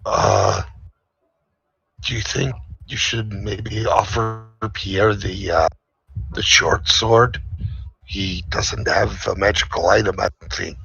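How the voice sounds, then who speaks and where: A man's voice: on the low side, steady tone, slow pace, vocal fry, pauses often, pushed and bright, slightly rough, muffled recording. A man playing a ranger in a tabletop game, chatting casually and jokingly with stumbling restarts over an online call. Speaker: player.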